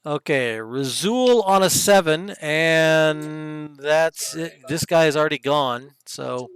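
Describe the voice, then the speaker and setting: A young man narrating and running a tabletop game as game master, casual with quick asides. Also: a little high, animated, fairly bright tone, clean tone.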